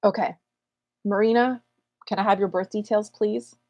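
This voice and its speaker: A woman's voice: mid-range voice, steady tone, normal speed, mellow, no room sound, dull audio. A woman astrologer hosting a live Q&A, chatting playfully and calling out viewers' names while getting over an illness. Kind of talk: casual livestream chat.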